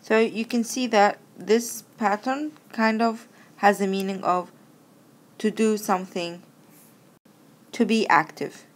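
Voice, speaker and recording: A woman's voice: medium pitch, steady tone. Woman teaching Arabic verb patterns. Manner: patient, explains step by step, recites conjugations slowly. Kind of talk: recorded language lesson.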